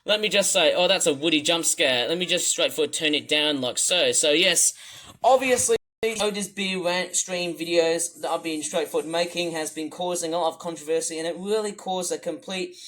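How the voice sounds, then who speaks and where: A man from the UK rambling through a livestream commentary, wordy and repetitive, swinging between loud bursts and low mutters. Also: normal speed, low-quality recording. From United Kingdom. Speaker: YouTuber. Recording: faint music under the voice. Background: music playing.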